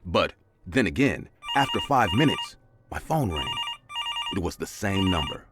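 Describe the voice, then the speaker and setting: A man's voice: sing-song, unhurried. A man narrating a scary story in a dramatic scripted style. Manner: dramatic, with big swings of pitch.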